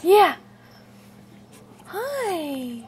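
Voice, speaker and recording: A woman's voice: very high-pitched, big pitch swings, very slow, a little mellow, a little hiss or hum. A woman talking baby talk to an infant at home in a cooing, sing-song voice. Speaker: parent filming an infant.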